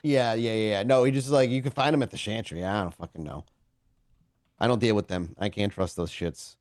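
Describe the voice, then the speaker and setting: A man's voice: fairly low pitch, steady tone, brisk, darkish tone, no room sound, studio quality, natural voice. A man voicing a blunt, distrustful, foul-mouthed male vampire in a tabletop game. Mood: gruff.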